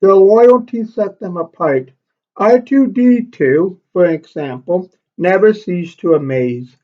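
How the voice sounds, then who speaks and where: A male elementary school teacher reading a picture book aloud to children, expressive and stopping to explain the pictures. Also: sits high, slow, dull audio.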